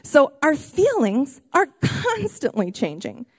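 A woman pastor preaching a sermon in a church, animated and excitable, often raising her voice. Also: sits high, slow pace, no echo, studio quality. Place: church auditorium.

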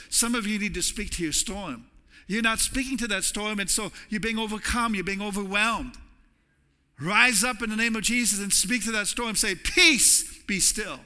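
A man's voice: high voice, pushed and bright. A male pastor preaching a sermon in a church sanctuary, in a conversational way that often repeats words as he restarts. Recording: long reverb of a large hall.

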